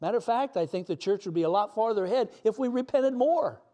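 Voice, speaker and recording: A man's voice: high-pitched, expressive, quick pace, warm tone. A middle-aged man preaching a sermon in an earnest, emotional way, sometimes close to tears.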